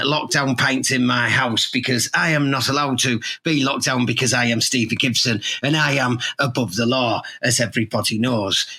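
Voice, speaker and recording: A man's voice: mid-range voice, bright, forceful tone, breathy edge. A man playing a cocky football club boss. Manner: cocky, teasing, laughs between lines. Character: boastful male football club chairman.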